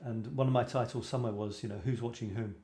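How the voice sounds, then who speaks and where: A man's voice: mid-range voice, steady tone, fast talker, mellow. Chatty British man in echoey room. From Britain. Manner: rambling, self-deprecating, chuckling asides. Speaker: host of a photography show. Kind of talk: casual livestream chat.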